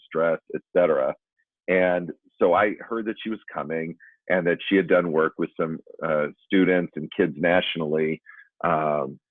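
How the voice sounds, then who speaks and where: Very low male voice, dry phone-like narrow audio, self-deprecating storyteller. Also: dry recording. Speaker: former school principal telling a story. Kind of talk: storytelling talk for educators.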